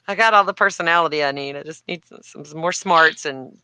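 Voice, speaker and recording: A woman's voice: low voice, a little fast, bright, forceful tone, smooth. A woman hosting a casual live chat with friends, chatty and self-deprecating, laughing often. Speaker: host.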